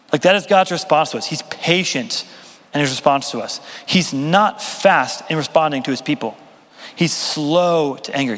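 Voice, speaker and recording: Young male pastor preaching in a hall. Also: on the high side. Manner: conversational, self-deprecating humor, lively. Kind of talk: sermon. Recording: long reverb of a hall.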